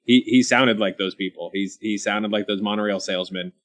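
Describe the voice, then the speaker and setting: A man from Kentucky hosting a casual panel chat, talking in quick asides full of ums and restarts. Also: lowish voice, steady tone, fairly bright tone. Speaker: show host.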